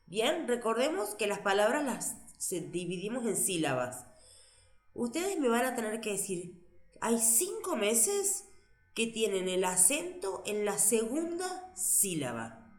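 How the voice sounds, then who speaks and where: A woman's voice: a little high, sing-song, normal speed, echoey room, soft background music. Patient woman teaching English. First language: Spanish. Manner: patient, repeats answers back, switches to Spanish to explain. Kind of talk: classroom teaching.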